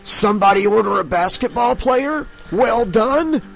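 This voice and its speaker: A man's voice: high-pitched, lively intonation, a little slow, gravelly, a bit bright, faint music behind, pitched above the performer's own voice, heavily acted. A man voicing a sadistic, mocking male dream demon who hisses and gloats in a storybook reading. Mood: gloating. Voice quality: hissing, gloating, chuckling.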